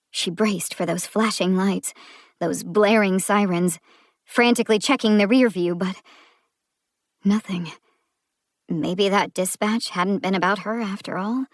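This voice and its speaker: A woman reads a suspense audiobook at an unhurried, deliberate pace, letting each phrase land. Her pitch is moderate and even. The recording is close and dry with no room sound. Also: dry recording. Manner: slow, measured storytelling. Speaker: audiobook narrator. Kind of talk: scripted audiobook narration.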